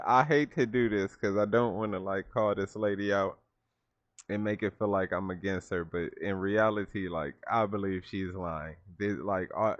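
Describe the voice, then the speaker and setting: A man hosting a reaction video, talking in a casual, animated and incredulous way. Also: on the low side, no room sound, lo-fi sound. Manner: animated, incredulous, laughs often. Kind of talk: casual commentary reacting to a clip.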